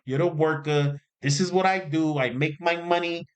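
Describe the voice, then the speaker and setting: A man's voice: fairly high pitch, moderate pace, natural voice. A man putting on a swaggering Italian mobster boss voice, bossy and showy.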